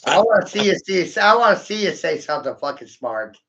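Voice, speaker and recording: Profane, taunting man with a gravelly voice. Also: high voice, big pitch swings, brisk, fairly bright tone, lo-fi sound. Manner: profane, taunting, laughs at own jokes. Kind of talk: rambling vlog monologue.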